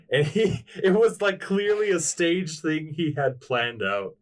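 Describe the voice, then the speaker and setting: A man's voice: fairly high pitch, sing-song, unhurried, recorded from a distance, faint music behind. A man on a casual comedy podcast telling stories in an easygoing way, chuckling often. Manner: laid-back storyteller, chuckles often. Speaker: podcast co-host.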